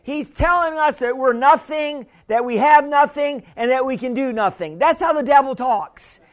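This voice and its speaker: Pastor, male, chatty sermon delivery with audience call-outs; extremely high voice. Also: moderate pace. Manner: chatty, laughing, calls and responses.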